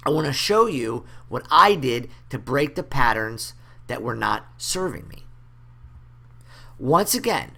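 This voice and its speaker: A man's voice: mid-range voice, vocal fry, sharp tone. A man teaching a trading course, talking bluntly and casually with some swearing, acting out little dialogues. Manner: acts out dialogue in raised voices. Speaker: trading coach. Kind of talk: course lecture.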